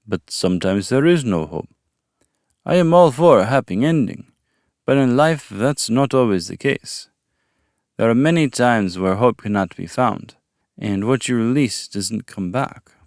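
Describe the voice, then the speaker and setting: A man's voice: medium pitch, animated, measured pace, a little mellow, no echo, clean studio sound. A man voicing a lonely, guarded male vampire who has lived alone in a castle for years, speaking warily and defensively. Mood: musing. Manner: defensive, wary.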